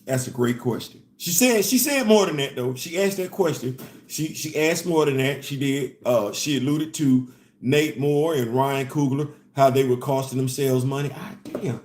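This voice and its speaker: Animated man in an echoey room. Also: mid-range voice, normal speed. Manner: animated, laughing, repeats phrases. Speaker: host. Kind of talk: casual commentary.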